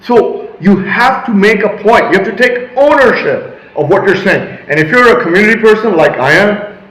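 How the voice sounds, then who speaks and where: A man vlogging a rambling motivational monologue, emphatic and with loud assertive bursts. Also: high voice, expressive, moderate pace, reverberant, rough recording.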